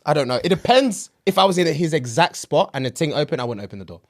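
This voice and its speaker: A man chatting on a podcast, his pitch swinging widely from low mutters to high laughs. He tells stories with animation and laughs a lot. His voice sits a little above the usual male range. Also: fast. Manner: laughs often, animated storytelling. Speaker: podcast co-host. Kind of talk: casual chat.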